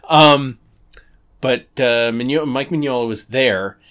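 A man's voice: mid-range voice, slow pace, fairly bright tone. A man in his forties hosting a comics podcast, chatting casually, laughing often and swearing now and then. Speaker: podcast host. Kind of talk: casual chat.

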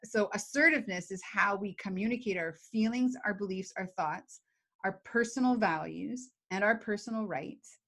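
A woman's voice: mid-range voice, normal speed, fairly bright tone. A woman co-hosting a talk show, explaining emotional skills casually, laughing often and acting out examples. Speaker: podcast co-host teaching emotional skills.

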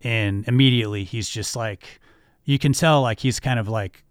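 A man's voice: mid-range voice, moderate pace, clean tone, no room sound, studio quality. A male podcast co-host describing a film scene eagerly, with many fillers. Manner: enthusiastic, rambling with fillers.

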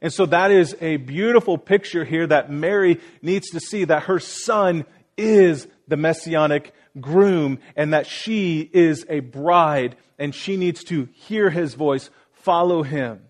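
A male pastor delivering a sermon in an earnest, searching way, acting out the voices he quotes and turning questions back on the congregation. His voice sits a little higher than most men's. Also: takes it slowly.

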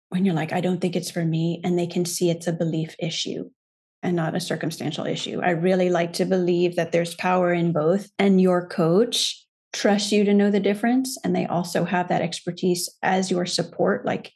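A woman who works as a coach, a podcast guest speaking in a thoughtful, earnest and measured way. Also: fairly low pitch, gravelly, a little mellow, husky. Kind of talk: reflective podcast conversation.

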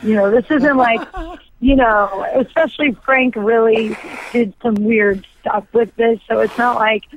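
A woman's voice: on the high side, fairly even intonation, unhurried. A woman actor chatting as a guest, rambling with lots of fillers. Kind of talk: casual interview chat. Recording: tinny dry phone line.

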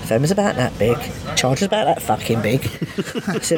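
A woman telling a prison story in casual chat, animated and swearing, often laughing and jumping high in pitch when she acts out what was said. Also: moderate pace, a crowd in the background. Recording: noisy background.

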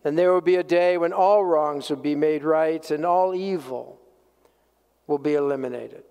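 A male pastor preaching earnestly, leading from a story into rhetorical questions. His voice is smooth and resonant and sits high for a man. The long reverb of a large church hall trails every phrase. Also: normal speed, a little mellow. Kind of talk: sermon. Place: church sanctuary.

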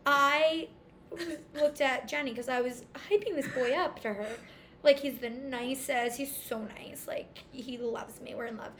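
A woman's voice: sits high, measured pace, a bit bright, slight background noise. A young woman animatedly telling a story in casual chat, acting out the dialogue. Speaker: storyteller guest.

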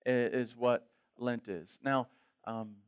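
A man preaching a sermon, telling an anecdote in an animated way and acting out the voices in his stories. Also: medium pitch, slow pace, smooth. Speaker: pastor. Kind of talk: sermon storytelling.

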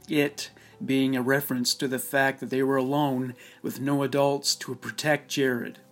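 A man narrates a scripted documentary with a steady, measured delivery. His tone stays solemn and even, in a mid-range voice. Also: mid-range voice.

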